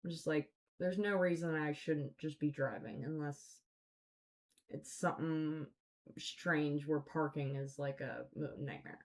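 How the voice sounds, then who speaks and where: Profane, rambling woman with a lowish voice. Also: fairly even intonation, measured pace, darkish tone. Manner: rambling, profane, filler-heavy. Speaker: podcast host. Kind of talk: casual storytelling chat.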